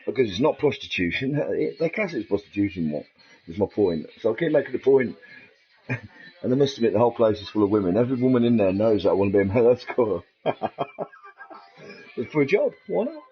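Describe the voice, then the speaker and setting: A man's voice: on the low side, big pitch swings, a little fast, pauses often, breathy edge, faint music behind. A middle-aged man with an English accent, rambling in a casual, profane monologue and laughing at his own jokes. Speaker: vlogger. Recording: dull lo-fi recording.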